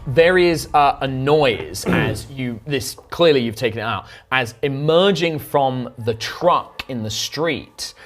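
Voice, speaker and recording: A man's voice: mid-range voice, expressive, slow, hardly any pauses, a little hiss or hum. Rambling game master man. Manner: rambling, hesitant description with many fillers. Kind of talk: narrating a tabletop game.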